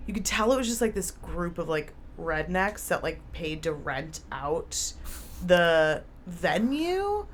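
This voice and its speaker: Young woman, comedian guest, casual podcast chat, lowish voice, lots of swearing and "like", faint background noise. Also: big pitch swings, slow. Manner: swears a lot, storytelling with many "like" fillers.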